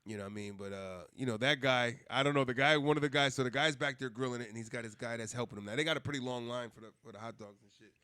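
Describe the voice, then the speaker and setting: Brief: male podcast cohost, casual profane storytelling, middle pitch, dry close sound. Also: very fast, few pauses, bright, forceful tone, clear, resonant tone, dry recording. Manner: loose, profane storytelling with laughs and restarts.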